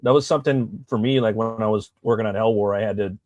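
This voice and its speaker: A man's voice: on the low side, steady tone, quick pace, darkish tone, dry recording, lo-fi sound. A man who is a guest comic artist, chatting in a laid-back way with many "you know" fillers. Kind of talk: casual chat.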